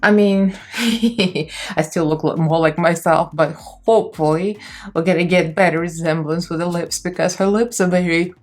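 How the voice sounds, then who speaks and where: This makeup vlogger is a young woman with a Russian accent and a lowish, slightly mellow voice. She chats easily through her tutorial, laughing frequently and using loose phrasing.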